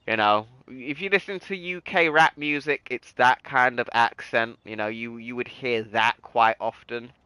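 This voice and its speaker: A young man with a British accent chats loosely on his game stream, circling back with "like" and false starts. His voice is bright and smooth. The sound is dry and close, with no room around it. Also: medium pitch, a little slow, hardly any pauses, dry recording, poor audio. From United Kingdom. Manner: rambling, full of "like" and restarts. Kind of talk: casual chat on a gaming stream.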